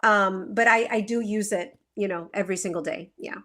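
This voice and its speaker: A woman's voice: mid-range voice, moderate pace, sharp tone. A woman who practices feng shui, explaining in earnest on a live video call, with many fillers and rhetorical questions. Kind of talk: conversational interview.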